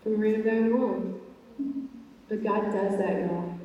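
A woman's voice: mid-range voice, moderate pace, highs cut off. A young woman giving a faith talk to a live audience, telling stories earnestly with lots of fillers. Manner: earnest, animated storytelling with many fillers. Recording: echoey hall, voice from far off.

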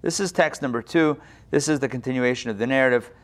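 A man's voice: mid-range voice, fast. A man teaching an online Torah class over a video call, retelling the text in casual modern speech.

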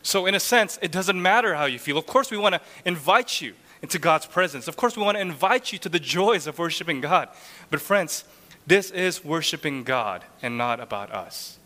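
A man's voice: on the high side, expressive, normal speed, sharp tone. A man preaching a sermon in an earnest, rhetorical way, often checking in with the listeners. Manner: earnest, rhetorical, frequent "right?" tags. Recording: long hall reverb.

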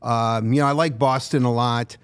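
A man's voice: medium pitch, fairly even intonation, moderate pace, clear, resonant tone. A man co-hosting a sports podcast, telling long, meandering stories in casual chat. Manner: rambling, meandering storyteller. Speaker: podcast co-host.

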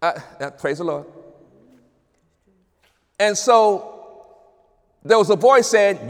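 A man preaching a sermon as pastor at an evening church service, rising into shouted praise and call-outs. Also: sits high, expressive, slow, long pauses, big-room sound.

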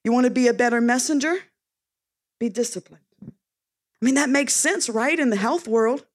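High-voiced woman preaching a sermon. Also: normal speed. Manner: punchy, conversational, reads scripture aloud.

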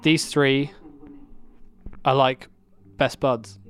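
A man co-hosting a casual podcast, chatting quickly with frequent restarts and laughs. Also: mid-range voice, fairly even intonation, fairly bright tone, smooth. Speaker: podcast co-host. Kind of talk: casual chat watching a show.

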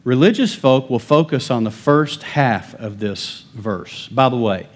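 A male pastor preaching a sermon, swinging between loud emphatic declarations and quiet low asides. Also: lively intonation, unhurried, breathy edge.

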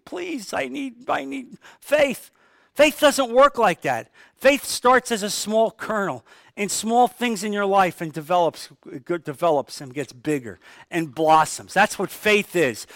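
A man's voice: high voice, a bit bright, dry recording. A man pastor preaching a sermon, stressing key phrases by repeating them and acting out sample prayers.

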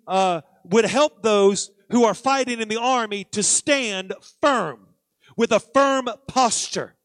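A man preaching in a church with a high-pitched voice that climbs as he drives each point home. He speaks emphatically, repeating key words over and over. The sound is close and dry. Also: dry recording. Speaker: pastor. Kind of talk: sermon. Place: church sanctuary.

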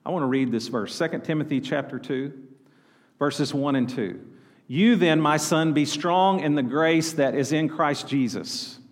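A man's voice: on the high side, unhurried. A male pastor, preaching a sermon and calling on the congregation to answer back. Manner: preaching, calls out to congregation for responses. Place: church sanctuary. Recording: long hall reverb.

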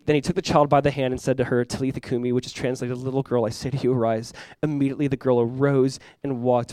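Fast-talking, animated young male pastor. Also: on the high side, dry recording. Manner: conversational, animated, acts out quotes, laughs often. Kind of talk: sermon.

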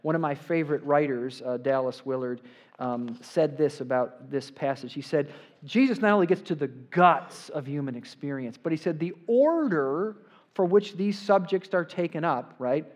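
Male pastor, emphatic sermon delivery, voice a touch higher than most men. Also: expressive, normal speed. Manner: emphatic preaching, swells louder on quotes, asks "right?". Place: church sanctuary before a congregation.

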